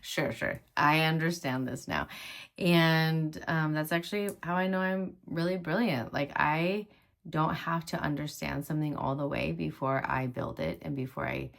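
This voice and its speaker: A woman's voice: deep voice, normal speed, vocal fry. A woman in her thirties, a mother of five, telling her own story to camera in a casual, laughing way, dropping to a whisper when she voices her thoughts. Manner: animated, laughing, drops into whispers for inner thoughts.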